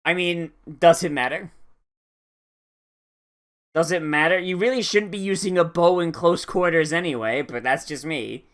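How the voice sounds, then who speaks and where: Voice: medium pitch, moderate pace, long pauses, a bit bright. An anime reaction vlogger giving casual commentary, full of swearing, laughter and sarcastic asides.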